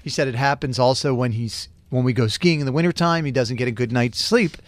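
A man hosting a morning radio call-in show, telling a story in an animated way. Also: mid-range voice, fairly quick, no room sound.

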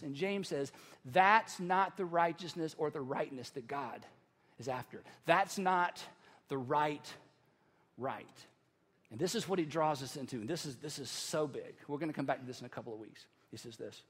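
A male pastor preaching a sermon in a conversational, animated way, with playful asides. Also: a little high, normal speed, breathy edge, in a large hall.

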